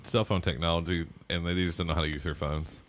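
Blunt rambling man in casual chat, low-pitched. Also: level tone, quick pace, a bit bright. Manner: blunt, rambling with frequent likes.

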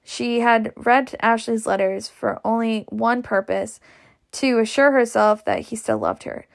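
A woman reading a novel aloud in an unhurried way, with small slips and restarts. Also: fairly high pitch, animated, gravelly. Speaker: narrator. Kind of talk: audiobook reading.

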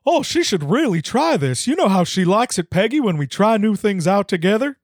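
A man's voice: high-pitched, very animated, fairly quick, no room sound, studio quality. A man voicing Hank, a folksy middle-aged Texan dad who drawls and keeps exclaiming "oh", in a podcast comedy reading. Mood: puzzled.

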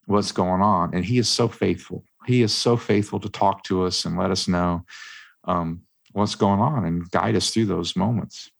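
Casting: middle-aged male co-host, low gravelly voice, earnest preacherly faith talk. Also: normal speed. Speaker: podcast co-host. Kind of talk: casual faith discussion.

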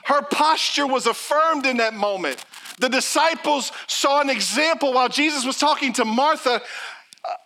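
A man's voice: very high voice, moderate pace. A middle-aged man preaching a sermon as pastor, telling stories and acting out the people in them. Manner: animated storytelling preacher, acts out quotes.

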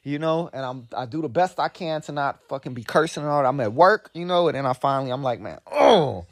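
Profane, slow-drawling man, dry sound. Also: a little high, dry recording. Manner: profane, loose street slang with constant filler asides; drawls slowly, then bursts into fast heated storytelling. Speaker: host. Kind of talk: casual monologue.

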